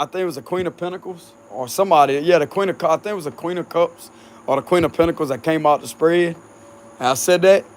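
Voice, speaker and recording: A relaxed man with a light Cajun accent rambles casually to his followers from outside on a warm night. His voice sits a little high, and he laughs easily and drops the odd curse. Faint insect chatter hums behind him. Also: a little hiss or hum. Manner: laid-back, laughs often, swears freely. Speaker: tarot reader talking to supporters. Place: outdoors on a hot night.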